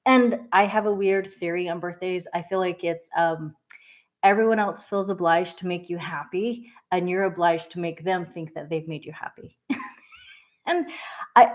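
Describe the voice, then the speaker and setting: A woman vlogger talking casually and candidly, rambling with fillers and soft laughs. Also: on the low side. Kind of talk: candid casual vlog talk.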